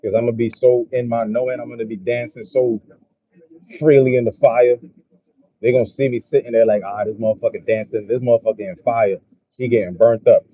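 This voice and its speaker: A man's voice: mid-range voice, narrow, tinny audio. A man giving a profane, repetitive motivational monologue in a casual vlog. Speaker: motivational vlogger.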